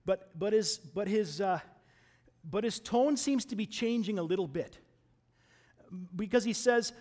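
A man's voice: sits high, animated, measured pace, long pauses. Man preaching a conversational sermon. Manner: conversational, repeats words when restarting; swings between raised emphasis and quiet asides.

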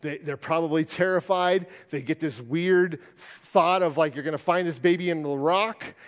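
A man in a pastor's role preaches in an easy, conversational way. He often pauses on fillers and restarts his phrases. His voice sits a little high for a man, and it carries with the long reverb of a large hall. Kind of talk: sermon.

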